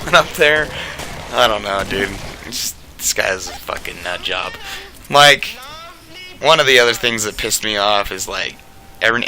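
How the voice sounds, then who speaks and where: A man's voice: medium pitch, pushed and bright, a little hiss or hum. Rambling, foul-mouthed young man. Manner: rambling, profane, full of "like" fillers. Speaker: storyteller. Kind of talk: casual storytime rant.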